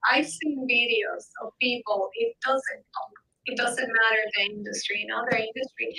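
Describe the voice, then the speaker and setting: A woman with an accent talking on a video call, her voice high and bright. She speaks animatedly and often repeats words as she goes. It is a relaxed, chatty delivery. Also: normal speed, husky, rough recording. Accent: foreign accent. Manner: animated, enthusiastic, repeats herself. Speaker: guest. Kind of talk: casual chat.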